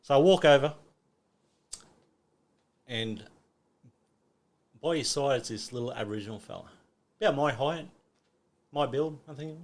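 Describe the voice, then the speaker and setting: A man's voice: mid-range voice, a little slow, pauses often. A middle-aged Australian man telling a story in casual chat, acting out quotes and swearing a lot. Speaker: podcast guest.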